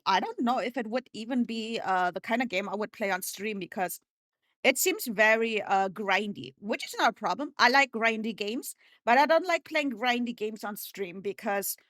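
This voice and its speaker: A hoarse woman streamer chatting casually and joking with viewers, often stammering and restarting. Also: a little high, lively intonation, normal speed, a bit bright, no room sound. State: hoarse, clearing throat. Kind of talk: casual live-stream chat.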